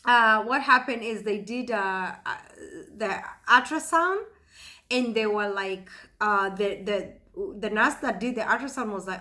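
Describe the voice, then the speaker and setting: A woman in her thirties living in the US, telling a personal story in a halting way with many fillers and restarts. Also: medium pitch, pushed and bright. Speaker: vlogger.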